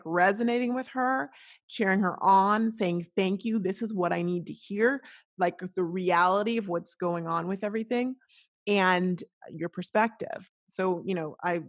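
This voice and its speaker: A middle-aged woman hosts a podcast, talking straight to the listener in an earnest, motivational way. She is openly emotional and often breaks off and restarts her sentences. Her voice sits a little low for a woman. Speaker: podcast host. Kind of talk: casual motivational monologue.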